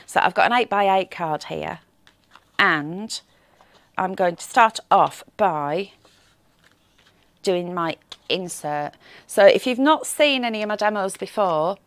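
Female craft-show host, cheerful and teasing, slightly croaky, dry studio sound. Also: mid-range voice, lively intonation, slow pace, pauses often, a bit bright, no room sound. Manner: chatty, reads viewer comments aloud, teasing and cheerful. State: slight frog in the throat. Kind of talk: live shopping show chat.

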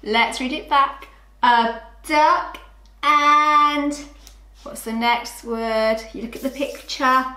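A woman teaching young children phonics, sounding out letters clearly and asking them to join in. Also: a little high, sharp tone, roomy sound. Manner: slow, sing-song, clearly sounds out letters. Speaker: early years phonics teacher.

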